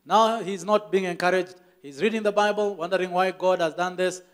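Man, Kenyan accent, pastor, sermon storytelling, high voice, repeats phrases for emphasis. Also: fairly quick, clear, resonant tone. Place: church.

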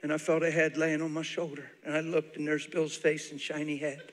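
A man's voice: fairly high pitch, fairly quick. A man preaching a sermon to a church, telling a personal story with a lot of animation, laughter and tears in his voice. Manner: animated, laughing and crying as he tells stories. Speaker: guest preacher. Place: large church auditorium. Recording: live sermon with long hall reverb.

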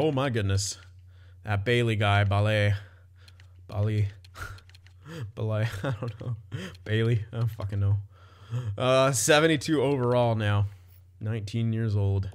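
A young man casually commenting on his own hockey game, chatty, often laughing and swearing loosely. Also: lowish voice. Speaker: gaming commentator.

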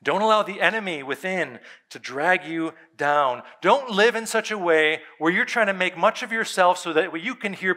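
A man's voice: sits high, bright, forceful tone. A male pastor preaching a sermon in an earnest, emphatic way, repeating key points for weight.

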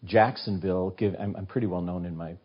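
Guest spot: husky low-voiced man in his 60s, lively raconteur who acts out dialogue; dull, muffled recording. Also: brisk. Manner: animated storyteller who acts out quoted voices. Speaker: guest author. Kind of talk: casual interview storytelling.

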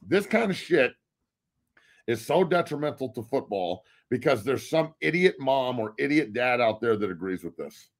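A man's voice: mid-range voice, very animated, moderate pace. A man talking football on a podcast as a guest, blunt and full of profanity. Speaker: guest, former football player. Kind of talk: casual podcast debate.

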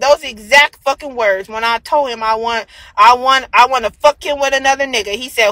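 A woman's voice: sits high, a little fast, few pauses, sharp tone, no echo, poor audio. A woman on a phone livestream, ranting heatedly and profanely, repeating herself for emphasis. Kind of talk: angry livestream rant.

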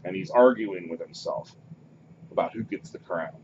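Male game master, lowish voice, animated narration, lo-fi noisy recording. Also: moderate pace. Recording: muffled lo-fi recording, background noise.

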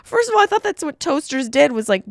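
A woman hosting a podcast, telling stories in an animated comedic monologue with jokey asides. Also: sits high, fast, creaky, no room sound, clean studio sound.

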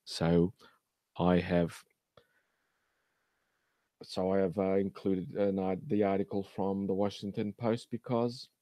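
A man's voice: low voice, level tone, slow pace, pauses often, warm tone, no echo. A man hosting a casual science commentary, talking with many fillers and restarts and a sarcastic edge. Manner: sarcastic about news articles. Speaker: host.

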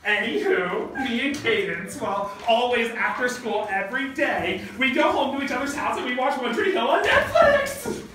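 A man's voice: extremely high pitch, very animated, normal speed, pushed and bright, exaggerated voice. A man playing a bubbly, ditzy teenage girl who gushes in valley-girl chatter full of "like". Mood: excited. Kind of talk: comedy skit acting. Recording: echoey room, far from mic, faint noise.

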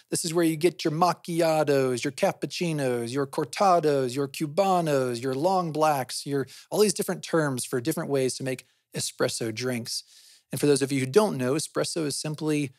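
With a mid-range voice, a man hosting a podcast talks through ideas conversationally, regularly asking himself questions before answering. "Right?" often ends his points, and the studio-quality audio has no echo.

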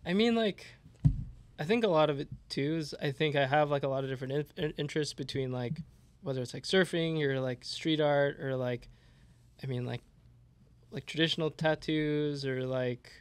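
A man's voice: on the high side, normal speed, clean tone, dry recording. A young man, a guest artist, chatting casually and rambling, with constant "like" fillers. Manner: rambling, heavy use of "like". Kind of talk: casual podcast chat.

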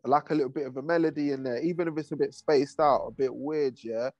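A man's voice: on the high side, fairly even intonation, fast talker, darkish tone, dry recording, lo-fi sound. A man, a rapper and producer talking casually in an interview, laid-back and full of slang. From England. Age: 30s. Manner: laid-back, heavy slang, rambling asides.

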